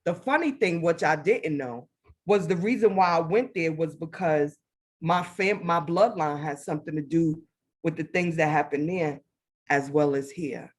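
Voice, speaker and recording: A woman telling a personal spiritual story as a guest, animated, acting out her own past words. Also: low voice, normal speed. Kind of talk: casual faith testimony.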